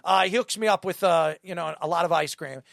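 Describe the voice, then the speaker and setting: A man hosting a casual podcast interview, rambling and animated, repeating himself and mimicking accents. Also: a little high, brisk, vocal fry, no echo, studio quality. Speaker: show host.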